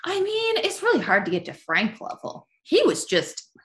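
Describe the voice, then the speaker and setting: A woman's voice: very high voice, wildly swooping pitch, normal speed, a bit bright. A woman co-hosting a podcast in casual chat. She is opinionated and reasons aloud, with many "like"s.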